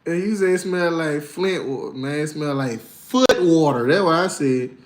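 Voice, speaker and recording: Male livestream host, high voice, lively storyteller who acts out voices, echoey room. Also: normal speed, noisy background. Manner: animated storytelling, acts out voices, laughs often. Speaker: livestream host reading chat. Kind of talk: casual livestream chat.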